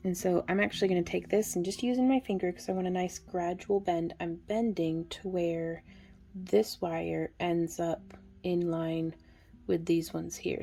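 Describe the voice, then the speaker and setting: A woman giving a relaxed, chatty hands-on craft tutorial, talking through each step and counting stitches aloud. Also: on the low side, vocal fry. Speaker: craft instructor.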